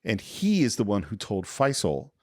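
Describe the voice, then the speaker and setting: Low-voiced man retelling a film. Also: moderate pace, no echo, studio quality. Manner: animated storyteller, acts out quoted lines; explanatory, historical asides. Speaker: podcast co-host. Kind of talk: casual film discussion.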